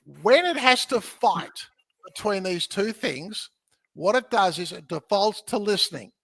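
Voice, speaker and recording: High bright guy, guest on a podcast, jokey and upbeat, keeps saying okay?, dry close sound. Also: expressive, unhurried, vocal fry, slightly rough, no echo. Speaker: podcast guest, real estate educator. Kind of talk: animated teaching in conversation.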